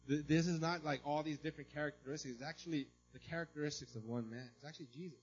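A man preaching a sermon as a pastor, in a conversational way, often checking in with "right?" and now and then breaking into loud mimicry. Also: on the high side, steady tone, rapid-fire, few pauses, slightly rough, lo-fi sound.

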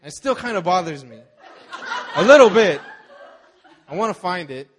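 A man's voice: sits high, lively intonation, moderate pace. A young man preaching a sermon, telling a personal story with many fillers and repeated words. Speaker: pastor.

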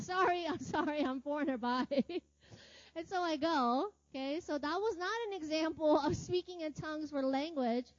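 A woman with a high, warm and mellow voice gives a chatty, laugh-filled sermon, telling stories in a relaxed way. Her voice sounds dry and close, with slightly dull, muffled audio. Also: dry recording. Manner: chatty, laughs often, lots of filler words and tag questions. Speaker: ministry teacher. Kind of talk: casual sermon storytelling.

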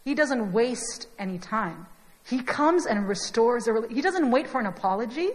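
Young female preacher, chatty and animated, a touch high-pitched, heard in a reverberant church hall. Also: normal speed. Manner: animated, chatty storytelling with asides to the congregation. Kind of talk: conversational sermon.

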